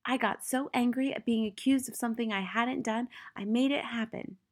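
A woman reading the part of a calm, clever little girl in a plain, quietly sure and polite way, as an audiobook character. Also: on the high side, moderate pace, pitched above the performer's own voice, close to an everyday voice. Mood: earnest.

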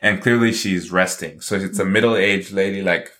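Man, bright tone, slightly low pitch. Casual animated storyteller. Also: normal speed. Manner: animated, acts out his own thoughts. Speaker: co-host telling a story.

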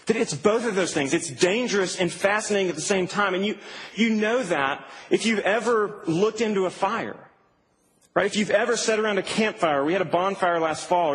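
A man preaching a sermon in a church, conversational and animated, with asides to the congregation. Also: sits high. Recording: reverberant hall, faint background hum.

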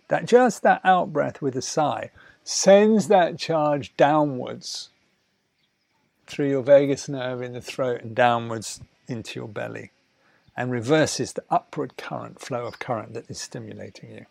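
A man teaching a relaxation lesson, talking slowly and soothingly, sometimes dropping to soft murmurs between louder asides. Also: mid-range voice, gravelly, no room sound. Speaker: wellness teacher. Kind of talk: guided talk on breathing and relaxation.

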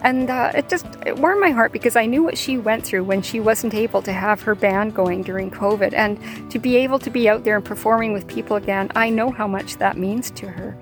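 A woman's voice: medium pitch, fairly quick, hardly any pauses, faint music behind. An older woman, a grandmother, hosting a podcast and telling a heartfelt personal story in a conversational way. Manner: heartfelt, conversational with fillers and repeats. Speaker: podcast host. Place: outdoors or near open air, plane overhead.

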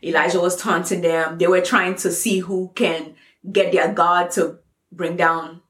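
A woman's voice: fairly low pitch, fairly even intonation, a little slow, fairly bright tone. A woman co-hosting a faith podcast, chatting casually and laughing as she explains a Bible story. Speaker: podcast co-host. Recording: echoey room.

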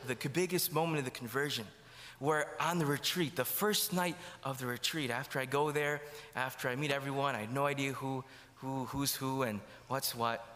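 A man's voice: medium pitch, moderate pace, sharp tone, slight background noise. A man giving a sermon testimony in a church, telling his story and acting out the dialogue. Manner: storytelling, acts out quoted dialogue. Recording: long hall reverb.

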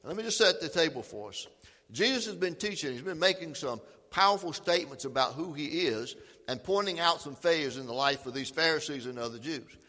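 A man's voice: a little high, lively intonation, fairly quick, pushed and bright, long reverb tail. A man preaching a sermon as pastor, reading scripture aloud with emphasis.

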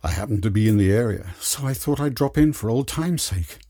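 A cheerful, easygoing older man, read by a male narrator in a spoken story. The delivery is lively and slightly husky, close to the reader's own voice. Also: lowish voice, a little fast, no echo. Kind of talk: audiobook character voice.

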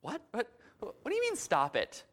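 A man's voice: sits high, big pitch swings, a little fast, fairly bright tone, in a large hall, pitched above the performer's own voice. A man voicing an anxious, fearful woman patient who trembles, stammers and pleads. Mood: protesting.

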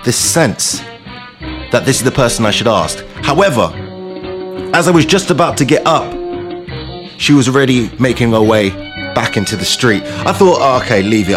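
A man hosting his show, telling playful comic stories in a casual monologue. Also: medium pitch. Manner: animated, playful storytelling. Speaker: show host.

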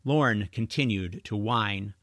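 A man reading a children's novel aloud as its narrator, in expressive storytelling. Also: lowish voice, slow pace, no room sound, clean studio sound. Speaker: audiobook narrator. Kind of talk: scripted narration.

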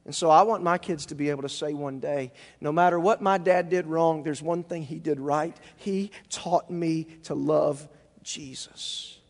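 A male pastor preaching a sermon emphatically, rising to near-shouts and then dropping low. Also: steady tone, a little slow, big-room sound.

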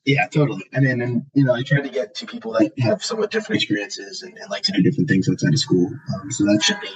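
A young male student interviewer on a podcast, talking in a relaxed way with lots of fillers. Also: medium pitch, rapid-fire, muffled recording, slight background noise. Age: young adult. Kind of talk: casual podcast chat.

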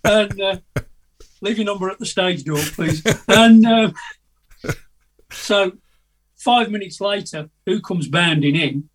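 Rambling older man with a husky voice. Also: sits high, slow, long pauses. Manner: rambling, chatty, hesitant with many ums, laughs at his own stories. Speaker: guest musician. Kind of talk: casual anecdotal storytelling. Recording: voice a bit distant from the mic.

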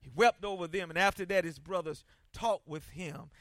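A man preaching a sermon as pastor, swinging from hushed reading of scripture to shouted rhetorical questions. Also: high voice, normal speed, no room sound, clean studio sound.

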